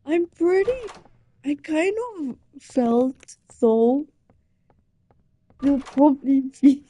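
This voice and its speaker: A woman's voice: high voice, animated, slow, mellow. A young woman chatting casually, flustered and embarrassed, rambling and restarting her sentences. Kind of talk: casual chat.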